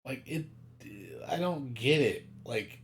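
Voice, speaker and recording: A man's voice: medium pitch, lively intonation, slow pace, a little hiss or hum. A man streaming, ranting in casual chat, profane and exasperated, mocking other people's voices.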